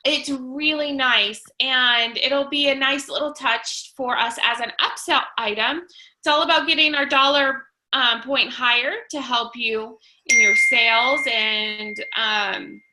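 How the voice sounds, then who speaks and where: A woman's voice: fairly high pitch, noisy background. A woman leading a casual livestream update for her sales team, enthusiastic and full of ums and restarts. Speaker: direct sales team leader.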